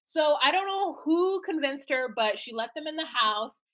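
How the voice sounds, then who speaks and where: A woman co-hosting a casual podcast, recapping a reality show in an animated way, laughing and acting out quotes. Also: sits high, moderate pace. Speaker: podcast co-host.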